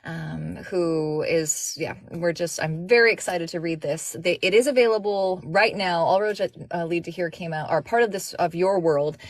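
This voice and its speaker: A woman's voice: on the low side, moderate pace, few pauses, no room sound. A woman in her thirties, an audiobook narrator, chatting casually with viewers before reading aloud. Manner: chatty, warm-hearted fan enthusiasm.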